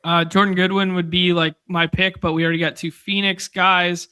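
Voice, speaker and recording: Bright, crisp-voiced man talking sports. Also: high voice, level tone, normal speed, dry recording. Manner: rambling, restarts while thinking aloud. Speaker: podcast co-host. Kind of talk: casual fantasy sports chat.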